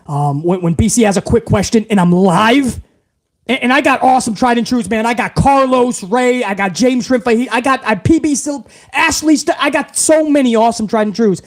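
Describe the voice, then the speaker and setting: A man's voice: very high-pitched, normal speed. A man hosting a wrestling livestream, thanking viewers in a hyped, profane, rambling way. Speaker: host.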